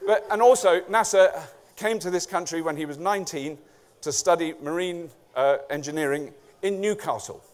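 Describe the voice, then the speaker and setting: A middle-aged man from England speaks at a conference in a high voice, swearing freely and cracking sarcastic jokes. His talk is a loose, comic rant on stage. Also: moderate pace.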